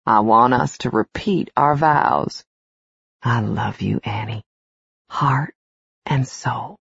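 A woman narrator voicing a remorseful husband in a romance novel, speaking low and earnest. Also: slow pace, gravelly, slightly rough, no room sound, exaggerated voice. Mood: tender. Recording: slightly dull, dry studio recording.

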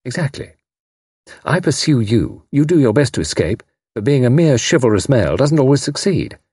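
A man reading an audiobook, voicing a lively, mischievous young woman spy who talks in a breezy, self-assured way. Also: medium pitch, moderate pace, slightly rough, no room sound, clean studio sound, voice pushed up. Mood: playful.

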